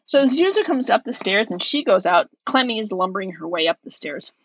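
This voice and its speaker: A woman co-hosting a podcast, telling a story in a relaxed chat and acting out her own calls as she goes. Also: mid-range voice, fairly quick, husky, no echo, muffled recording. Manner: animated storyteller, acts out her own yelling. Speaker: podcast co-host.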